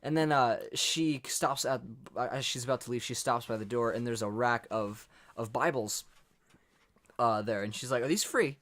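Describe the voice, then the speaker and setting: A young male podcast co-host rambles through a story in casual conversation, acting out the quotes of the people involved. His mid-range voice is fairly bright with fairly even intonation and a normal speed.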